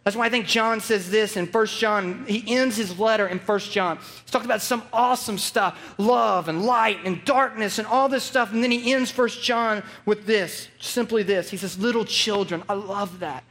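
A man in his thirties with a high, light voice delivers a sermon from the pulpit. He tells stories with animated energy and then sinks into hushed, earnest questions. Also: moderate pace, few pauses. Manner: animated storytelling, shifting from excited to hushed and earnest. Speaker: pastor.

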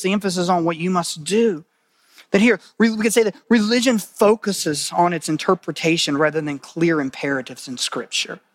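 A man preaching a sermon as a pastor. He talks in an earnest, conversational way, repeats phrases for weight, and moves between loud emphatic bursts and quiet, hushed lines. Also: high-pitched, no room sound, studio quality.

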